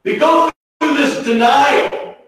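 A man preaching a sermon, swinging from hushed, slow phrases to shouted ones. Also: extremely high pitch, a faint crowd, a little hiss or hum. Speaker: pastor. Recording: echoey hall from far off.

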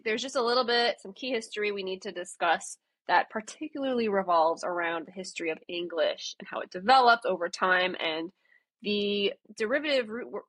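A woman co-hosts a podcast in casual, thoughtful conversation, now and then restarting a phrase. Her voice is bright and husky, with a dry, close sound and no room echo. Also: medium pitch. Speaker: podcast co-host.

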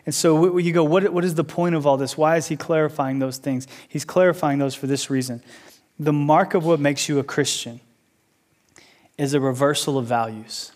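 A man preaching from the pulpit in a fairly high voice. He swings between loud, insistent, repeated appeals and low, hushed explanation. He slips in casual asides and plays out questions from the listeners. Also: a little fast. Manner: emphatic, rising to loud repeated appeals then dropping low and quiet. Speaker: pastor. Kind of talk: sermon.

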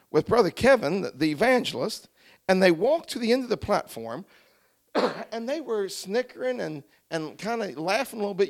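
A middle-aged man preaching a revival testimony sermon, telling his story quietly, then shouting and crying out in praise. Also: sits high, gravelly. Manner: drops to quiet storytelling between outbursts.

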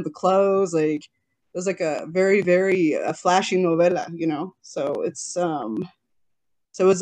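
Chatty, emotional woman on a video call. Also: fairly low pitch. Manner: emotional, chatty, quotes herself often. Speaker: guest, jewelry business owner. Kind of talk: casual interview chat.

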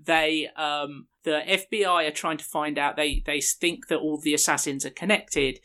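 A man's voice: a little high, fairly even intonation, moderate pace, sharp tone. A man co-hosting a film podcast, recapping the plot in a hesitant way full of ums and uhs. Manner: hesitant, fills with "um" and "uh". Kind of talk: casual plot summary.

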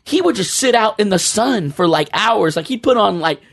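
A man chatting casually as a podcast co-host, telling stories in an animated, rambling way. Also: high-pitched, normal speed, gravelly. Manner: animated storyteller, rambling restarts, laughs mid-story. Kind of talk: casual chat.

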